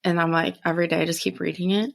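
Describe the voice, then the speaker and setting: A young adult woman chats on a podcast and tells a story with lively energy, her pitch swinging up and down as she acts out each moment. She swears freely and talks in a relaxed, casual way. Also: very fast, creaky. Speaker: podcast co-host. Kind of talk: casual chat.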